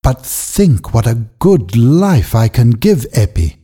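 A man playing an earnest wealthy gentleman. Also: mid-range voice, very animated, takes it slowly, husky, full character voice. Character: wealthy gentleman, pleading then agitated.

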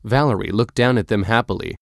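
Male narrator, lowish voice, measured clear read, dry booth sound. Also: no room sound. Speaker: audiobook narrator. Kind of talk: scripted storybook narration.

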